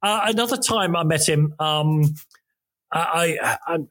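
A man's voice: fairly high pitch, a little slow, a bit bright. A man on a podcast recounting music-journalism anecdotes in a rambling, self-interrupting way, recording from a room at home. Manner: rambling, self-interrupting, many ums and restarts. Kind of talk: casual anecdotal chat. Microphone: home recording, video call.

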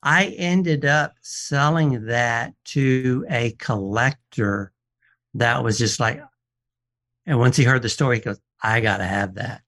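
Slow and medium-pitched, this male voice belongs to a watch appraiser visiting a casual radio show. He acts out the characters in his anecdotes with animation, quoting what they said and frequently starting over.

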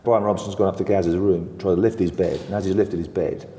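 An older man with a lively, anecdotal storytelling manner, recounting old football tales as an interview guest and laughing often. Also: low-pitched, fast talker, roomy sound, long reverb tail.

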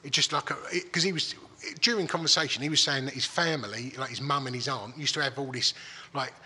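Swearing man, raspy and bright. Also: mid-range voice. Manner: swears freely, halting restarts. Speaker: guest telling a story. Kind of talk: casual storytelling chat. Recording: long hall reverb.

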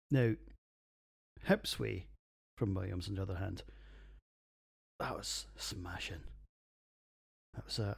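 A middle-aged man with a Scottish accent talks through his beers in a loose solo podcast. His voice sits a little low, and he is crude, sweary and jokey, with a rough pub-banter manner. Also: a little mellow. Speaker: podcast host reviewing beers. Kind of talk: casual solo podcast monologue.

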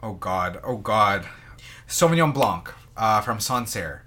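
A sommelier appearing as a podcast guest chats casually, rambling with many fillers and restarts as he describes things. His voice is on the low side, bright and forceful, with lively intonation and a slow pace.

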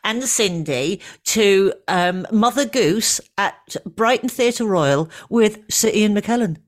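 A middle-aged woman co-hosting a podcast in casual chat, talking easily with fillers and gentle teasing. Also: mid-range voice, expressive, slow. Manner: chatty, warm teasing, trailing fillers. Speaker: podcast co-host.

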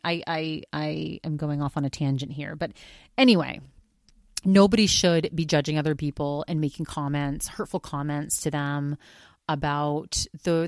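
Rambling, animated woman podcast host. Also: low-pitched, dry recording, studio quality. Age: older than college age. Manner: rambling, animated, many restarts. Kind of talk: casual podcast monologue.

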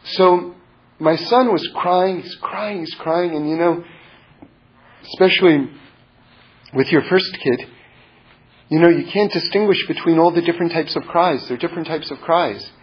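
A man giving a spoken religious teaching built around a personal story, halting and repeating words, growing more intense toward his point. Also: a little high, husky. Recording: dull lo-fi recording.

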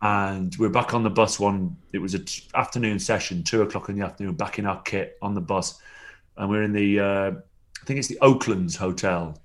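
A man's voice: lowish voice, moderate pace. A man, a former rugby player, telling rambling anecdotes with chuckles and frequent restarts in a casual interview.

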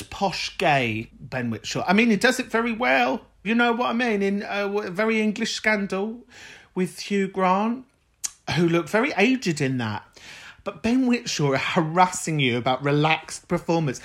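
A woman hosting a podcast, chatting casually about listener messages, swearing freely and laughing often. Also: on the low side. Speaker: podcast host.

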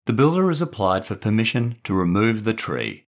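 A kindly mother with a soft, consoling voice, as a man reads her. She speaks low and gently, like in a storybook. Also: big pitch swings, normal speed.

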